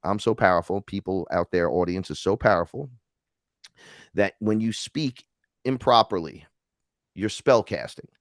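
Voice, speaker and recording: A man's voice: deep voice, measured pace, long pauses, no room sound, clean studio sound. A man from New York telling a spiritual encounter story in casual talk, acting out the voices he quotes and swearing freely. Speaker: podcast guest.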